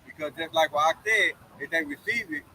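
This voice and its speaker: A man, a fellow preacher, quoting scripture in a measured way outdoors. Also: a little high, sharp tone, slight background noise, low-quality recording.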